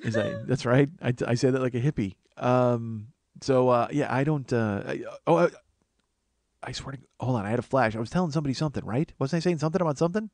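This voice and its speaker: A man hosts a solo comedy podcast, rambling and self-mocking as he loses his train of thought. His voice sits at an ordinary middle pitch and sounds tired from too little sleep. The recording is close and dry, with no room sound. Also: fast talker, darkish tone, no room sound.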